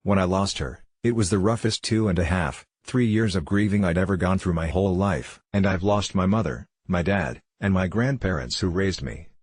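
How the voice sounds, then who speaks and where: A man with a low, slightly raspy voice answers interview questions in a reflective, heartfelt way. He tells a personal story candidly, and the recording is dry and close with no room sound. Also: moderate pace, few pauses, darkish tone, no room sound.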